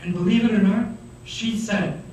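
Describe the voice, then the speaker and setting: A man giving a religious lecture to students, animated, acting out the voices of the people he describes. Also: high voice, moderate pace. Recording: echoey hall, mic far off, faint noise.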